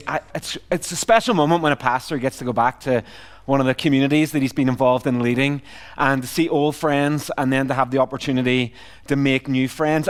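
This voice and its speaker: Northern Irish pastor with a clear voice. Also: male voice, mid-range voice. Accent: Northern Irish, mixed with Canadian and Australian. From Northern Ireland. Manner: self-deprecating, humorous, conversational. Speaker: visiting pastor. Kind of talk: sermon.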